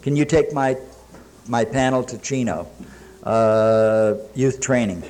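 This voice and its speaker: At a meeting before a live audience, a man shares his personal recovery story in plain talk packed with quoted dialogue and dry jokes. His mid-range voice is a little mellow and slow, with slight background noise in the room.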